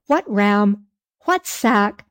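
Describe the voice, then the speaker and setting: Lady doing sneaky whiny innkeepers, slow storybook read. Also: mid-range voice, lively intonation. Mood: whining. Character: sly whining innkeepers, a group of men.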